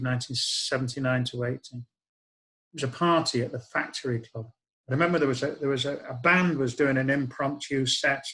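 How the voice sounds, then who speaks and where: A man's voice: mid-range voice, a bit bright, rough recording. Wry older man storytelling. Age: 60s. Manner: wry, reflective, conversational. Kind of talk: spoken-word storytelling.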